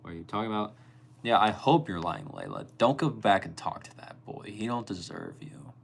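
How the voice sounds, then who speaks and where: A young man with a low voice, hosting a casual live stream. He reads out his viewers' comments and answers them by name, and sometimes gets animated while telling a story. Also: a little fast, vocal fry. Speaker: livestreamer reading chat.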